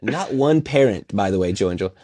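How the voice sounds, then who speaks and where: A man co-hosting a casual podcast, talking in an animated, rambling way and laughing often. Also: on the low side, a little fast, no room sound, studio quality. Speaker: podcast co-host. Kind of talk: casual chat.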